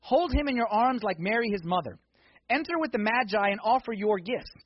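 A man preaching a sermon in a church, swinging from hushed intensity to loud, excited exhortation. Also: high-pitched, brisk, dry recording, dull audio. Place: church sanctuary.

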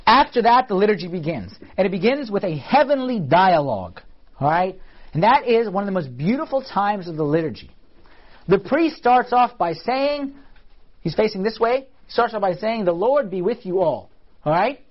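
High-voiced man teaching a class. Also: big pitch swings, normal speed, muffled recording. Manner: conversational, asks the class questions. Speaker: church teacher. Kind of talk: casual teaching talk on liturgy.

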